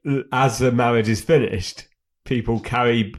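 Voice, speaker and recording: A British man talking through a film with friends in loose, chatty podcast banter. His voice sits at a medium pitch and he talks in an everyday conversational way. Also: steady tone, moderate pace. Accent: British English. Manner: chatty, reads out film lines with laughs. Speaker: podcast co-host. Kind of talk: casual film review chat.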